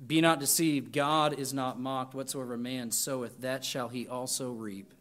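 A man's voice: mid-range voice, steady tone, normal speed, a bit bright, a little hiss or hum. A man preaching a sermon to students, reading scripture with emphatic lists and chatty asides. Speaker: pastor.

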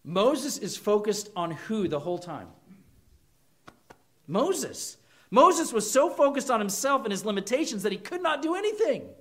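A man delivering a sermon, his voice sitting fairly high for a man. He preaches earnestly, throwing questions at his listeners and slipping into short acted quotes. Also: sing-song, moderate pace, fairly bright tone. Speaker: pastor.

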